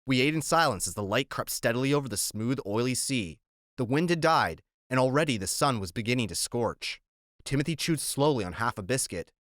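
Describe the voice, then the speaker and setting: A man reads a novel aloud at a measured, even pace, with a voice of middle pitch. The sound is dry and close, with no room around it. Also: no room sound. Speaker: audiobook narrator. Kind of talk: audiobook narration.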